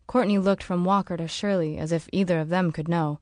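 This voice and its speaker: A woman narrates an audiobook in a steady, measured way, her voice fairly low in pitch. The recording is studio quality with no echo.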